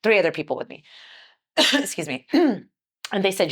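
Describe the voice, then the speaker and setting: A woman guest on a podcast, telling a story in a casual, lively way and acting out what people said. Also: on the low side, fairly quick, pauses often, slightly rough. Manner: lively, acts out quoted dialogue.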